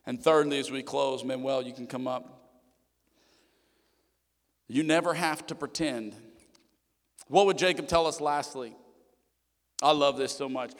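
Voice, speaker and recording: A man's voice: medium pitch, measured pace, pauses often. Man preaching in a reverberant church. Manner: storytelling with acted quotes, building to emphatic repetition. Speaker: pastor. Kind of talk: sermon. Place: church sanctuary. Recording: church hall reverb with soft instrumental music.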